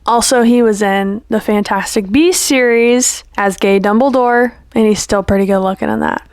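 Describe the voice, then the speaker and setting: A young woman vlogger chats loosely to camera, gushing and playful, with a steady stream of "like" and "you know." Her slightly high voice moves at a moderate pace, recorded close and dry with no room sound or echo.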